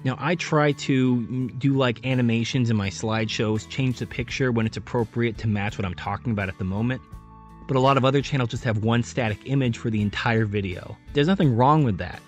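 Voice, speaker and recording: A man talking straight to camera in an unscripted commentary, giving earnest advice and shifting his delivery to stay animated. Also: medium pitch, brisk, soft background music. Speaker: YouTube commentator.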